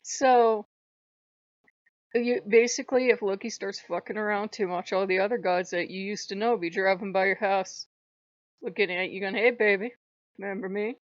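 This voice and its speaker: A woman's voice: mid-range voice, fairly even intonation, moderate pace, no echo, muffled recording. A woman hosting her own channel, telling a story in a blunt, profane, casual way with laughing asides. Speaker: channel host.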